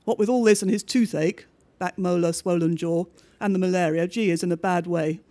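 A man reading a bleak diary-style story aloud, with measured, understated narration. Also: high voice, steady tone, dark tone.

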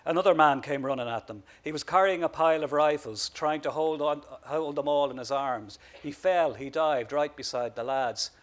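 A man's voice: a little high, moderate pace, hardly any pauses. An author reading his story aloud in a wry, dry narrating voice.

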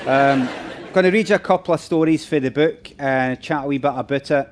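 A man's voice: a little high, fairly quick. A middle-aged Glaswegian man doing chatty, self-mocking stand-up on stage, talking to the audience. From Scotland. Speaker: comedian on stage. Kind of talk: live stand-up banter with audience. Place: theatre stage. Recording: live venue, crowd noise. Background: audience laughter and murmurs.

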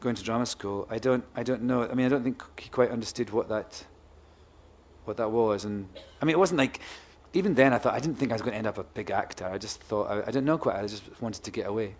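A man's voice: fairly low pitch, quick pace. A man guest author talking at a live book festival, rambling and restarting, then turning into a playful showman. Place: festival stage before a live audience. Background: audience crowd.

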